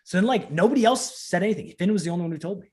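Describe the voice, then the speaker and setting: Man telling a lively anecdote in a fairly high voice. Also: racing. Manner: animated, acts out the voices of people in his stories, fills in with "like". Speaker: professional wrestler, interview guest. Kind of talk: casual interview storytelling.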